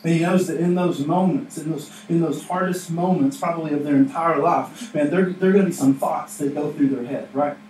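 A man's voice: a little high, fairly quick, hardly any pauses, darkish tone. A man preaching a conversational sermon in a church, often asking "right?" and acting out quotes. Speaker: pastor. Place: church sanctuary. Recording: echoey room, mic at a distance, faint noise.

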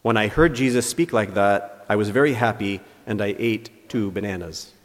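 Priest preaching in a reverberant church. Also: male voice, fairly low pitch, normal speed, slight background noise. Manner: reads quoted dialogues aloud with lifted, animated emphasis. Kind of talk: homily.

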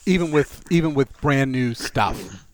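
A man's voice: medium pitch, animated, measured pace. A man hosting a casual tech podcast, talking in a wry, joking way. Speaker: podcast host.

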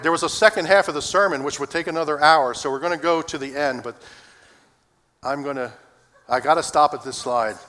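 Middle-aged male pastor, folksy and earnest, bright voice, reverberant church. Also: a little high. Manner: folksy, earnest, addresses congregation. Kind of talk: sermon. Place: church sanctuary.

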